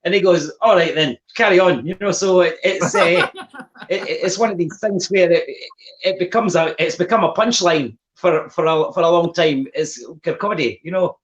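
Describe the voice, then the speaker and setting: A man's voice: high voice, normal speed. Chatty Scottish man, lo-fi sound. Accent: Scottish, Fife. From Scotland. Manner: chatty storyteller with frequent restarts and laughs. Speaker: guest musician. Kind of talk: casual chat.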